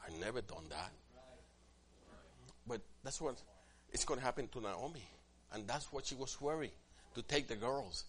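A man preaching a sermon as pastor, swinging from quiet asides to loud, emphatic passages and acting out what church members say. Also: mid-range voice, normal speed, hardly any pauses. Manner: acts out quoted church members in different voices.

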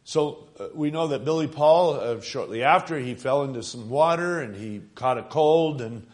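A man preaching a sermon, earnest and emphatic, stretching key phrases and pausing with fillers between thoughts. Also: medium pitch, expressive, a little mellow.

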